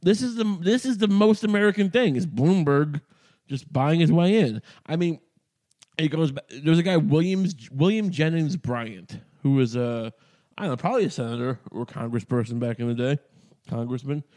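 A man's voice: fairly high pitch, moderate pace, mellow. A man from New York hosting a podcast, ranting in a rambling, profane, sardonic way with frequent restarts. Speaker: podcast host. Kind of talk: casual ranting monologue.

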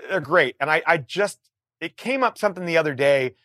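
A middle-aged man, a musician guest, telling a story in a casual, animated way, swearing freely and restarting his sentences. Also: a little high, brisk, dry recording, studio quality. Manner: animated, profane, frequent restarts.

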